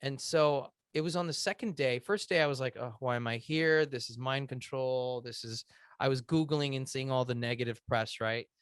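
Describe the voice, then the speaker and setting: A man in his thirties, appearing as a podcast guest, tells an emotional personal story earnestly, often halting with "um" and restarts. His mid-range voice is clear and resonant, and the recording is dry.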